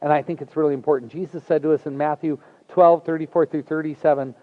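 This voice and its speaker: A pastor delivers his sermon in a fairly high male voice, talking to his congregation the way he'd talk to friends. He is earnest and folksy, slipping easily into personal asides. The recording sounds dull and lo-fi. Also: fairly even intonation, fast, slight background noise.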